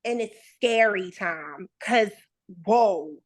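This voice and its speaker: A woman in her thirties tells a personal story on a podcast with a lot of energy. She acts out what other people said as she goes. Her voice sits at a middle pitch and stays conversational. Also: lively intonation, slow. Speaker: podcast guest. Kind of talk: casual storytelling interview.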